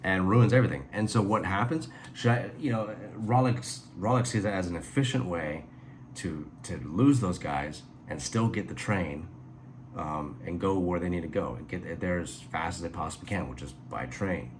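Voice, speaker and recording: A man with a deep, low voice talks through a casual review, rambling and animated as he retells events and jumps into asides. A faint hiss sits under the recording. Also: normal speed. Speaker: reviewer and author.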